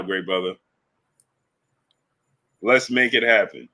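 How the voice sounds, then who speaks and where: A man's voice: medium pitch, expressive, normal speed, bright, forceful tone. A young man co-hosting a casual live sports stream, giving emphatic predictions and repeating his pleas to viewers. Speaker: co-host answering viewer comments.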